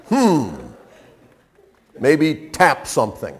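Lively, unhurried male preacher. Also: fairly high pitch. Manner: conversational and humorous, with dramatic pauses. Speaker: pastor. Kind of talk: sermon.

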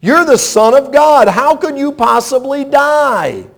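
A man's voice: extremely high pitch, big pitch swings, takes it slowly, vocal fry, fairly bright tone, voice pushed up, exaggerated voice. A man voicing the apostle Peter as an exasperated, scolding disciple who refuses to hear about dying. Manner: insistent, scolding, incredulous. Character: exasperated apostle Peter rebuking his teacher.

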